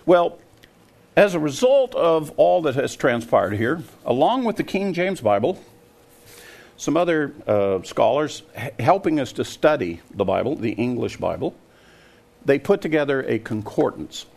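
A man's voice: mid-range voice, big pitch swings, a little slow, gravelly, darkish tone. An older man preaching a sermon, emphatic and scoffing, often putting questions to his listeners. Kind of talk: sermon to a congregation.

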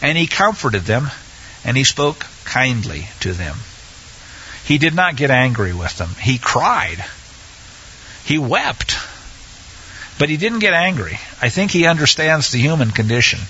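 A man teaching a Bible study in a conversational way, often pausing with fillers and restarting his sentences. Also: mid-range voice, very animated, bright, forceful tone, highs cut off, slight background noise.

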